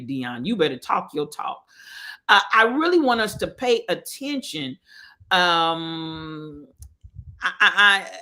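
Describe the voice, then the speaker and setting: A host talks straight to viewers in a casual, motivational way. The delivery is conversational and halting. The voice sits at a middle pitch. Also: pushed and bright. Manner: conversational, halting, with fillers and restarts. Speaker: online show host.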